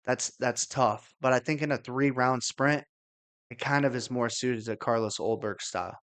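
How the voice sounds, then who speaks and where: A man co-hosting a casual fight-picks podcast, giving measured, agreeable analysis. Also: mid-range voice, a bit bright. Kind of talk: casual sports chat.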